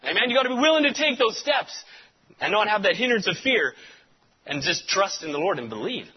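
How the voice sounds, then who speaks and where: Animated male preacher, high and breathy, storytelling style, muffled lo-fi sound. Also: brisk. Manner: animated storyteller, repeats amen. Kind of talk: sermon.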